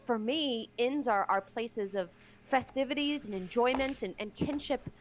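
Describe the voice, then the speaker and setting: A woman's voice: a little high, normal speed, slight background noise, lightly acted. Player lady doing a showy, gushing changeling charmer, all flowery manners. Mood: apologetic. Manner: courtly, flowery, overly polite. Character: gregarious, theatrical changeling charmer.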